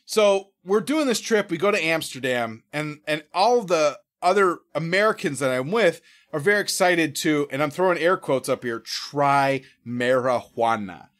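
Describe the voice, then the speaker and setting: A man with a high voice that swoops all over the place tells a story as a podcast guest. His delivery is animated and profane, and he keeps acting out other people's voices and his own past remarks. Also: moderate pace, hardly any pauses. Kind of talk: casual storytelling.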